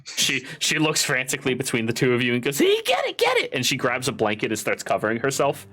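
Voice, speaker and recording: A man narrating a tabletop game as game master, laughing often and slipping into a high voice for the characters. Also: fast talker, pushed and bright.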